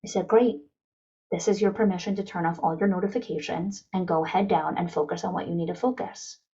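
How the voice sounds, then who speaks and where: Running a virtual town hall for school leaders, a woman talks briskly in a slightly rough, low-leaning voice, with the audio's highs cut off. Her style is energetic coaching, and she performs the voices of anyone she quotes.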